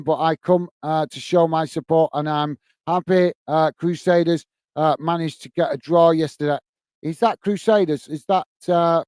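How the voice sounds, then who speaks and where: A man hosting a live stream, reading viewers' comments in a hurried, chummy way full of fillers, calling everyone mate. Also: a little high, darkish tone, smooth, dry recording. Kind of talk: casual live-stream chat.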